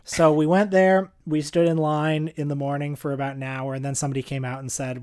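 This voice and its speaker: A man's voice: mid-range voice, normal speed, hardly any pauses, clear, resonant tone. Podcast guy chatting, wry and self-deprecating, rambles a bit. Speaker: podcast co-host. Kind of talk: casual podcast chat.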